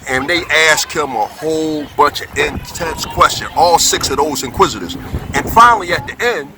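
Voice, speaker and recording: A man telling a comic story in an animated, colloquial, conversational way. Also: a little high, normal speed. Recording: clear background noise.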